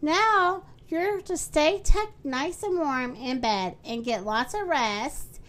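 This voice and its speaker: A woman voicing a kindly, jolly doctor in a children's story, giving slow, soothing instructions. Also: sits high, a bit bright.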